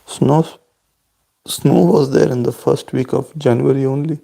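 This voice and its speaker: Man vlogging a family video call; deep fry, husky, steady and courteous. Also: measured pace. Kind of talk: casual chat answering family questions.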